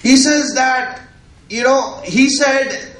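A man's voice: very high voice, slow pace, fairly bright tone, a little hiss or hum. A man preaching a religious sermon, repeating himself and asking "right?" as he goes. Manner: repetitive, rhetorical, often asks "right?". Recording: echoey room.

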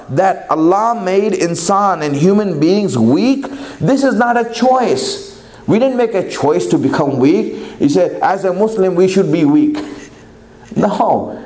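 A man's voice: high voice, lively intonation, measured pace, a little mellow, roomy sound. A man giving a sermon, telling a parable and acting out its dialogue before building to emphatic exhortation. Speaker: preacher.

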